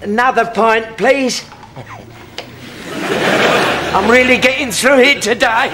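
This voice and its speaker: A grumbling, boozy pub regular, in a TV sitcom. His voice sits high for a man. Loud hiss fills the recording. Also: moderate pace. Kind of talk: sitcom acting.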